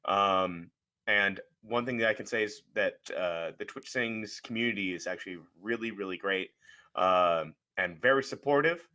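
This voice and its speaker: Bright-voiced man, rambling easygoing guest. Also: fairly low pitch, moderate pace. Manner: rambling with many ums and uhs, easygoing. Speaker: interview guest, streamer. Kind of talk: casual interview chat.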